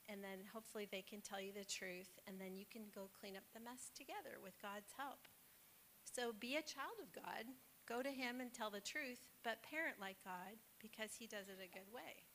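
A woman's voice: medium pitch, moderate pace, a bit bright. A woman giving an informal, encouraging devotional talk with a conversational manner and plenty of fillers. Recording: faint hiss.

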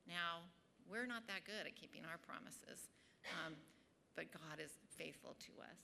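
A woman's voice: lowish voice, unhurried, creaky, bright, forceful tone, a little hiss or hum. A woman giving a personal faith testimony and Bible teaching to a group, chatty, with lots of ums and little laughs at herself. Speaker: speaker at a Bible study group.

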